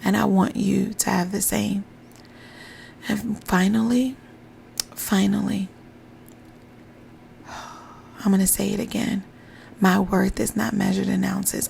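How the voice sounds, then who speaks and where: A woman with a gravelly, creaky voice leads a motivational podcast, speaking encouraging affirmations into a podcast mic. Her phrases repeat for emphasis, and a faint hiss sits under the recording. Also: mid-range voice, flat delivery, takes it slowly, long pauses, a little mellow. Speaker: podcast host and pumping coach. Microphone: podcast microphone.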